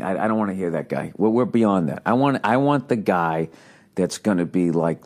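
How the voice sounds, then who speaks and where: Fairly low in pitch with lively intonation and a moderate pace, this male speaker is an American comedian and podcast host. In a solo monologue he rants, exasperated and sarcastic, swearing, rambling, and leaning on fillers and restarts.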